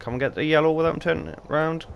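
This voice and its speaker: A man's voice: fairly high pitch, fairly even intonation, racing, gravelly. A young Geordie man giving joking, chatty game commentary with casual swearing, talking into a desk mic. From North East England. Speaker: gaming YouTuber.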